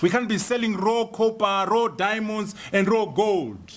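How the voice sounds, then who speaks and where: A man's voice: sits high, expressive, unhurried. A man from Zimbabwe giving an emphatic, rhetorical public speech, repeating key phrases for effect. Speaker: speaker.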